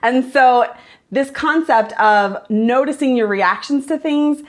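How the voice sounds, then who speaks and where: Chatty woman vlogger, fairly high voice. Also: slow pace. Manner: lively, chatty storytelling with self-quotes. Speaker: vlogger and mother. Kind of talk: casual storytelling vlog.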